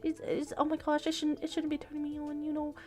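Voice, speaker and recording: A flustered young woman, nervous and awkward, as a female streamer puts her on, speaking in an embarrassed hush. The voice sits fairly high for a woman, with faint music under it. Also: completely flat delivery, quick pace, natural voice.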